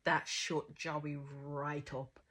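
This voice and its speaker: Woman reviewer, husky, low-pitched, outspoken chat. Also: drawn-out words. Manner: outspoken, swears freely, animated retelling. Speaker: reality show reviewer. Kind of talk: casual reaction commentary.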